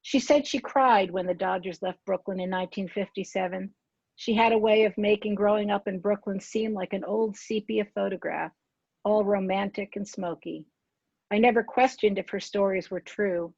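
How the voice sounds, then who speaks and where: A woman in her sixties, an author reading her own memoir aloud in a measured, unhurried way, now and then correcting a small slip. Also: mid-range voice, steady tone, creaky, a little mellow, slightly rough, dry recording, lo-fi sound.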